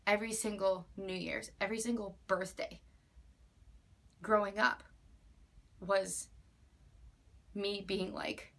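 A woman's voice: mid-range voice, fairly even intonation, takes it slowly, gravelly, long pauses, a bit bright, a little hiss or hum. A young woman in her twenties talking earnestly in a personal vlog, emphatic and repetitive, at times near tears. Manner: earnest, emphatic, with many likes and repeated phrases. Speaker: vlogger.

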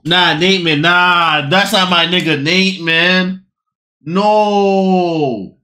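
A woman hosting a casual reaction video. She is excitable and loud, repeats phrases over and over, and swears freely. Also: lowish voice, drawn-out words.

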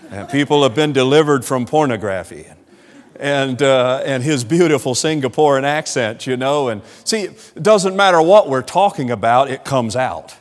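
A man with a Southern accent, a pastor preaching a sermon with animated swings in volume and laughing asides. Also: mid-range voice, normal speed, in a large hall. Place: church sanctuary.

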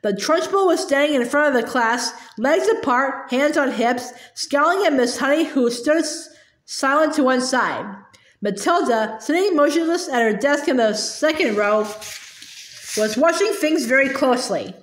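A woman reading a children's storybook aloud with lively storytelling, in an echoey room. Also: sits high, moderate pace. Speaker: reader.

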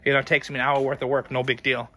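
This thrift store owner and vlogger sounds tired as he talks casually to camera, offering rambling, candid advice. His mid-range voice is flat and sharp in tone, and he talks very fast.

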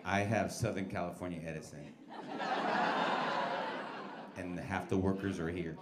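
A man's voice: low voice, steady tone, a little slow. A man in his forties doing stand-up crowd work on a comedy club stage, brash and profane as he teases the audience. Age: 40s. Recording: echoey club with crowd noise. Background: laughing club audience.

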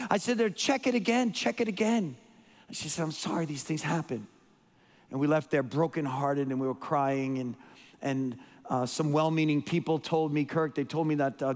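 A man giving a storytelling sermon as a guest preacher, emotional and rambling, with frequent restarts and repeated words. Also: fairly high pitch. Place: church sanctuary. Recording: long hall reverb.

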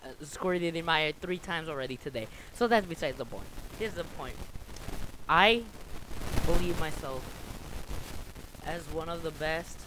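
A man ranting crudely to his YouTube viewers, rambling and stammering with lots of ums and sudden loud outbursts. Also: fairly high pitch. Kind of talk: crude comedic rant.

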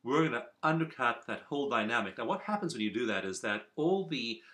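A man teaching a recorded video lesson from his office, speaking in an earnest, measured way with repeated emphasis. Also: medium pitch, animated, sharp tone. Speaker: teacher of a self-help program.

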